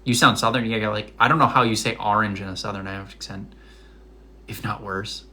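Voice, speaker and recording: Young man, Rhode Island accent, chatty live-stream host, bright tone. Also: fairly low pitch, fairly even intonation, a little fast. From Massachusetts. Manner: chatty, many likes and fillers. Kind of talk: casual live stream chat. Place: home kitchen.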